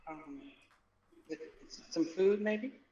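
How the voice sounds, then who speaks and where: A man's voice: sits high, very slow, mellow, pitched above the performer's own voice. A man playing a shy, polite young woman adventurer who stammers and hesitates. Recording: distant muffled mic.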